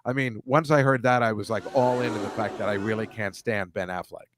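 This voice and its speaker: A man in casual podcast chat, an animated storyteller who mocks voices and makes quick asides. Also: fairly low pitch, noisy background.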